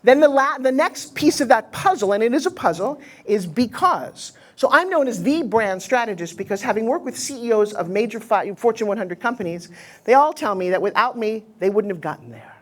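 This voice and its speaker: Animated, blunt American woman speaker. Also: fairly high pitch, a little fast. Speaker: motivational speaker teaching pitching. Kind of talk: live seminar talk to an audience.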